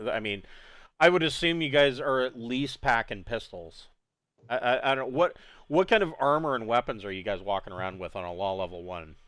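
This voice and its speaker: A male game master narrates a tabletop session in a loose, rambling way, often breaking into laughter. His voice is smooth and clear, and it sounds dry, with no room around it. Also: mid-range voice, fairly bright tone, no room sound.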